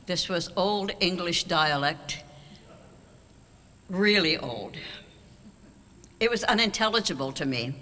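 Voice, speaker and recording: Long reverb fills the large auditorium as an older speaker, being honored with an award, tells wry stories in a banquet speech from the podium microphone. The tone is forceful and bright, with a mid-range voice.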